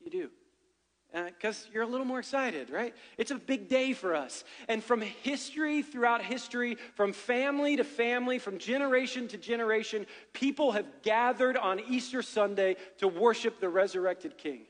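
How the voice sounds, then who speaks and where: A man's voice: very high-pitched, moderate pace, long reverb tail. A middle-aged man preaching as a pastor, chatty and joking, often checking in with "right?". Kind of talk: sermon. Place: church sanctuary.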